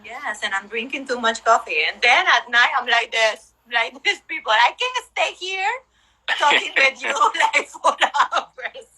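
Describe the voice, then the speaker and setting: Woman, high bright nasal voice, animated casual chat, laughs a lot. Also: a little slow, husky, rough recording. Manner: chatty, animated, laughs often. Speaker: co-host, literature teacher.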